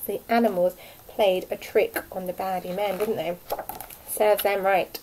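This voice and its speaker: A woman teacher reading a picture book aloud to young children, gentle and lively with hushed asides. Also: mid-range voice, a little slow, a little hiss or hum, low-quality recording. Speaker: primary school teacher.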